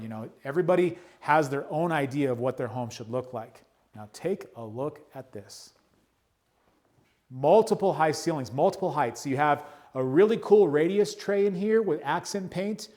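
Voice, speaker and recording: A man's voice: medium pitch, darkish tone. A man who works as a real estate broker, chatting enthusiastically as he walks through a house and points out its features. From United States. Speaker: real estate broker giving a home tour. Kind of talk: walkthrough home tour narration. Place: indoors in a large house, walking room to room.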